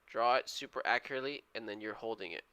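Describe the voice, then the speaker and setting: Bright, clear-voiced man calling trades. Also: on the low side, quick pace. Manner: running play-by-play, talks to viewers as "guys"; eager, urges price moves on. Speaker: day trader streaming live. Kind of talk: live trading commentary.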